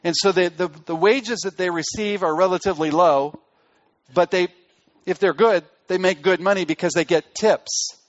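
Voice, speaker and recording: A man preaching a sermon in an earnest way. He drops soft on key phrases and rises to press a point. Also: sits high, normal speed, dull audio. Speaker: pastor.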